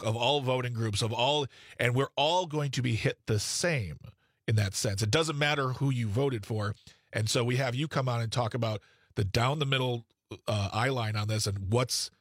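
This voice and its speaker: A man's voice: mid-range voice, no echo. Male radio co-host, chatty, mid-range voice, dry studio sound. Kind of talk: radio interview.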